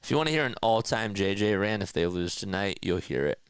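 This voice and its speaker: A man's voice: fairly low pitch, expressive, brisk, clear, resonant tone, no echo. A man doing a homemade play-by-play call of a basketball game as a partisan fan, frustrated and exasperated with his team, recorded at home on a streaming mic. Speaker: amateur play-by-play caller. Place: home room.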